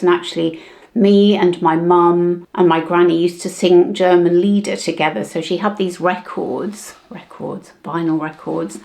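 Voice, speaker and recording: A woman in her seventies chats her way through old family keepsakes in a relaxed vlog. Her voice sits fairly low and has a gravelly edge. She reminisces as she talks. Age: 70s. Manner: chatty, reminiscing while sorting keepsakes. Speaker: vlogger. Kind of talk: casual vlog.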